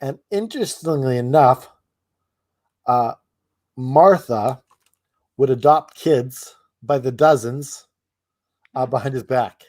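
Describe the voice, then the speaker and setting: A man's voice: mid-range voice, takes it slowly, pauses often, a little mellow, no echo. A man co-hosting a podcast in casual chat, hesitant with many restarts and chuckles. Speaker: podcast co-host.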